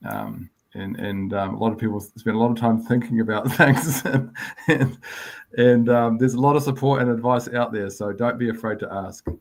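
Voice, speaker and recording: A man's voice: mid-range voice, normal speed. A man giving encouraging advice as a panelist, with lots of fillers. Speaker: conservation panelist. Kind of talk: casual advice.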